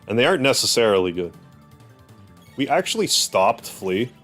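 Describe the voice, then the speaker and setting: A man's voice: medium pitch, very animated, normal speed, a bit bright, faint music behind. A man streaming a video game, joking and rambling through casual commentary. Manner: joking, self-deprecating asides.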